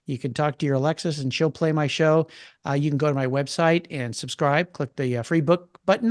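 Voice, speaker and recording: Older man, podcast guest; eager storyteller, slightly high pitch. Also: fairly quick, no echo, clean studio sound, soft background music. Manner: enthusiastic, storytelling. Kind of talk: casual interview chat.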